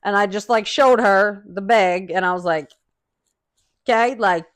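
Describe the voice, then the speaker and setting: A woman's voice: mid-range voice, normal speed. A woman hosting a podcast who tells a personal story in a casual, profane, laughing way. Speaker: podcast host.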